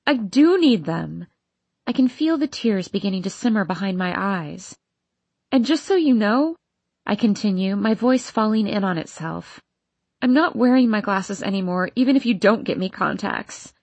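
A woman's voice: medium pitch, animated, moderate pace, a little mellow, breathy edge, no room sound. A woman narrating a first-person teen novel in an audiobook, reading in an emotional, intense way. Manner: emotional, intense, voicing an upset teenage girl.

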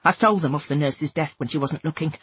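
A woman giving an expressive first-person narration of a novel. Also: sits low, quick pace, breathy edge, dry recording. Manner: expressive, dramatic. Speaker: audiobook narrator.

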